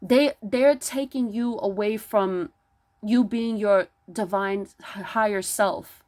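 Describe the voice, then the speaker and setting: A woman delivering an impassioned spiritual monologue, preachy and emphatic, stumbling over restarts and pushing into near-yelling rhetorical questions. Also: medium pitch, takes it slowly. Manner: stammering restarts. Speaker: spiritual vlogger.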